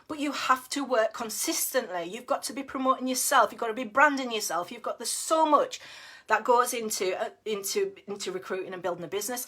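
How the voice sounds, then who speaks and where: A middle-aged British woman who leads a network marketing team gives a casual, blunt motivational talk. Her voice is fairly high, bright and forceful, and she's chatty and down-to-earth, laughing often.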